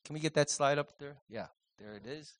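A middle-aged man preaching a sermon as pastor, swinging between loud emphasis and soft, hushed passages. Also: on the high side, brisk. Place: church sanctuary.

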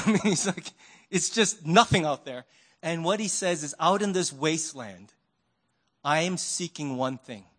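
High-voiced man preaching a sermon. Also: a bit bright. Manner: conversational storytelling with rhetorical questions. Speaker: pastor.

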